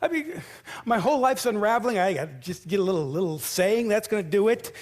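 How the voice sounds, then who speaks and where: A man delivering a confessional, halting monologue on stage in a one-man musical, often stammering as he restarts his sentences. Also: sits high, lively intonation. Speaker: solo stage performer.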